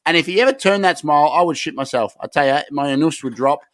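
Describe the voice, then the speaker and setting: A man's voice: fairly high pitch, quick pace, no echo, studio quality. An Australian man co-hosting a podcast, ranting in a rowdy, sweary way. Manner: rowdy, sweary, excitable rants. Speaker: podcast co-host. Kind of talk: hyped casual chat.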